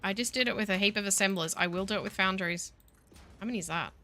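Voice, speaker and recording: A woman's voice: medium pitch, quick pace, sharp tone. A woman giving casual gameplay commentary, wry and self-mocking, grumbling at the game as she builds. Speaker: gaming video host.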